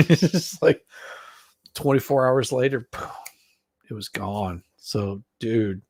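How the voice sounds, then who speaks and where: Man, casual stream chat, gravelly voice, slow drawl, dry sound. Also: medium pitch, dry recording. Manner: relaxed, drawling, laughs easily.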